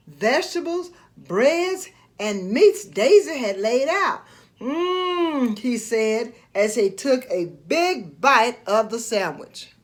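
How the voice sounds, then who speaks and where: Slow, expressive woman storyteller. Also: high-pitched. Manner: expressive, slow read-aloud. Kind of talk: storybook read-aloud.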